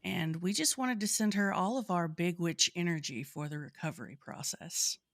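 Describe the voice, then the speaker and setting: A woman's voice: lowish voice, moderate pace, no room sound, studio quality. A woman co-hosting a podcast in casual chat, sounding sick, playful and enthusiastic. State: sick, lowered voice. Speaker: podcast co-host.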